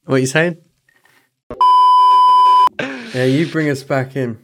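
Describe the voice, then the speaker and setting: A man's voice: mid-range voice, steady tone, fairly quick. A man co-hosting a podcast, rambling and joking in casual banter, swearing freely and speeding up in bursts. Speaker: podcast co-host.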